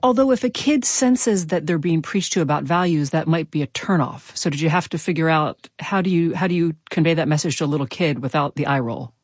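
A woman's voice: sits low, a little fast, hardly any pauses, breathy edge, no room sound, studio quality. A woman hosting a public radio interview, asking curious, conversational questions. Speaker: radio host.

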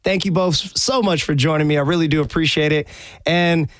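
A man hosting a radio show in a studio, relaxed and laughing along with his guests. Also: a little high, a little fast, dry recording. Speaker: radio host. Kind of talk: radio interview. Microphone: studio microphone.

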